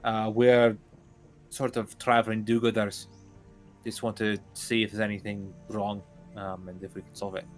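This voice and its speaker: A man's voice: fairly low pitch, flat delivery, moderate pace, faint music behind. Casual male tabletop game player.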